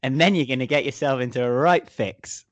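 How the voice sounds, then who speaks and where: A man hosting a podcast in a joking, chatty way, often turning to speak to the listeners. His voice is mid-pitched and sounds close and dry, with no room echo. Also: brisk, lo-fi sound. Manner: chatty, jokey, addresses listeners. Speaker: podcast host. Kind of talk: casual chat.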